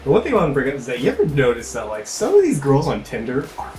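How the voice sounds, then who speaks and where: A man's voice: medium pitch, huge pitch swings, racing, darkish tone. A man hosting a casual comedic podcast, telling crude stories in a rambling way. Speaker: podcast host. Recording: roomy, off-mic.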